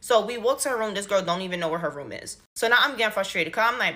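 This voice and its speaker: Bright-voiced young woman telling a story. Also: mid-range voice, quick pace, hardly any pauses. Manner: animated, exasperated, slangy storytelling. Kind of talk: casual storytime monologue.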